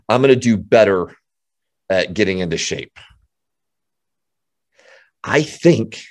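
Energetic man giving a pep talk. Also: lowish voice. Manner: energetic, emphatic, repeats words. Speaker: real estate coach. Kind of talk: motivational talk.

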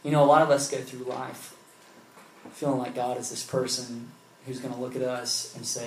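A man preaching a sermon in a relaxed, conversational way, telling a story with many casual fillers. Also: medium pitch, moderate pace, reverberant, a little hiss or hum, low-quality recording. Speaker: pastor.

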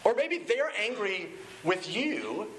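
A man preaching with a high, bright, ringing voice. He talks to the congregation in a loose, conversational way and gets animated as he goes. A faint hiss sits under the recording. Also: takes it slowly, poor audio. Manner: conversational, animated, acts out quoted shouting. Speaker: pastor. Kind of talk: sermon.

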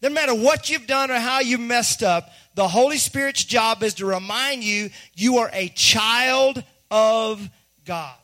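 A man pastor, preaching a sermon in an animated way, dropping to a hush and then rising to a shout. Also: very high-pitched, unhurried. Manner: animated, swings from hushed to shouting, acts out voices.

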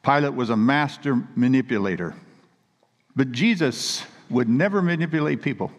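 A man's voice: medium pitch, animated, normal speed. A man preaching a sermon with earnest, emphatic storytelling. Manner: earnest, emphatic storytelling with read scripture quotes. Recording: long reverb of a large hall.

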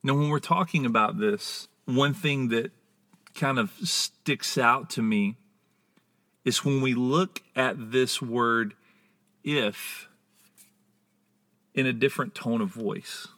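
A man preaching a sermon, teaching in a deliberate, emphatic way and stretching out key words for stress. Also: medium pitch, a bit bright.

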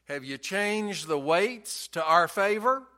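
A man playing a scheming grocer father who calls loudly down a stairwell to his son, in a story told during a sermon. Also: a little high, steady tone, measured pace, clear, resonant tone. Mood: yelling. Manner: calling out loudly. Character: scheming middle-aged grocer father yelling downstairs.

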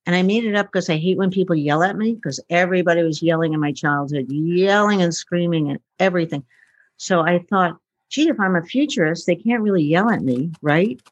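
In a casual interview, a futurist guest tells personal stories, acting out the dialogue and using lots of fillers. Her voice is lowish and a little fast. The audio is dull, with no echo.

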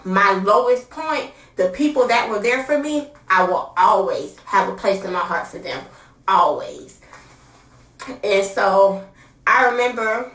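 A young woman recounts her own story in a chatty, candid way. She speaks at an unhurried pace, full of filler words, and sits some distance from the mic. The room around her is roomy and echoey. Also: medium pitch, a bit bright. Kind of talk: casual personal storytelling.

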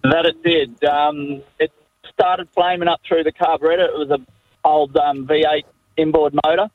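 A man's voice: a little high, steady tone, normal speed, dry recording. Laconic man on a tinny phone line. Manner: laconic, hesitant. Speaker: caller. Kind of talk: phoning in to radio.

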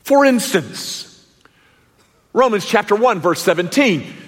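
A male pastor delivers a sermon with emphatic, drawn-out phrasing and pointed rhetorical questions. His fairly high voice has a slightly husky edge and swings widely in pitch. The sound rings with the long reverb of a large hall. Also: sing-song. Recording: long echoey church reverb.

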